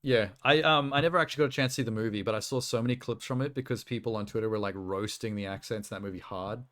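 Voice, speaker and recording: A man's voice: lowish voice, racing, a bit bright. A man casually chatting on a live stream, reacting to trailers with fillers and laughs. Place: home streaming setup.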